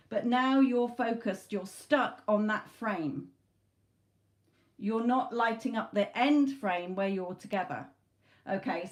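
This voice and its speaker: A woman's voice: medium pitch, darkish tone. A middle-aged woman hosting a live tarot stream, talking in a chatty, emphatic way and swearing casually. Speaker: tarot reader. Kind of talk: live-stream spiritual talk.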